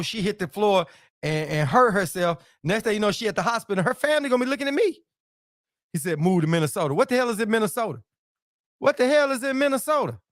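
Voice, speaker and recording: High-voiced joking male livestream host. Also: no room sound, studio quality. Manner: playful, repeats phrases, laughs often. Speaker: livestream host reading viewer comments. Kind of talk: casual joking livestream chat.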